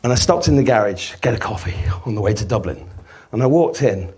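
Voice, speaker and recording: Male speaker addressing a live audience; animated storyteller who acts out the people in his stories and swears freely. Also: fairly low pitch, a little fast, husky.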